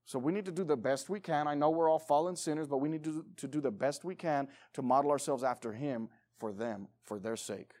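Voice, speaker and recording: A man preaching a sermon as pastor, emphatic, swinging between loud urging and quiet pleading. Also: a little high, fairly quick, hardly any pauses.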